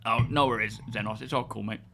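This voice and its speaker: A man's voice: fairly low pitch, fairly even intonation, quick pace, gravelly, sharp tone, a little hiss or hum. A man hosting a casual gaming livestream, greeting viewers and thinking aloud as he plays. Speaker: livestream host.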